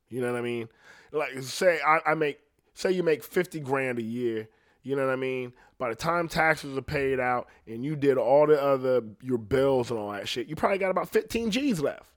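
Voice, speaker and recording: A man's voice: medium pitch, no room sound, studio quality. A young man hosting a podcast, talking in a casual, profane, rambling way and laughing at himself now and then. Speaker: podcast host.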